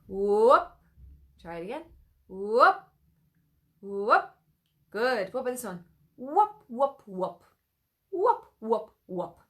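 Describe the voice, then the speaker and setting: An Irish woman teaching a singing lesson, speaking slowly and unhurriedly. She leads learners through vocal warm-ups, demonstrating each sound and coaxing them to copy her. Her manner is encouraging and playful. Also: mid-range voice. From Ireland.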